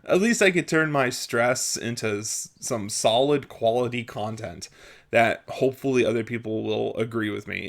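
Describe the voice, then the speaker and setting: A man's voice: mid-range voice, normal speed, creaky. A young man venting in a casual vlog, exasperated and self-mocking, often laughing at his own frustration. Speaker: vlogger.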